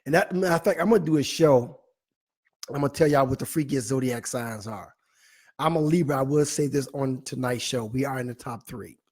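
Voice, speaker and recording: A man hosting a live online talk show, playfully reading out viewer comments with animated, teasing asides. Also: medium pitch, fairly quick. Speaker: host.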